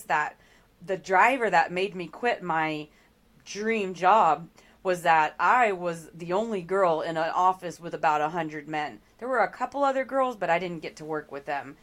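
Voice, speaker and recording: Speaking as an interview guest, this middle-aged woman has a voice that sits slightly low. Her account is earnest and candid, broken up by frequent ums and restarted sentences.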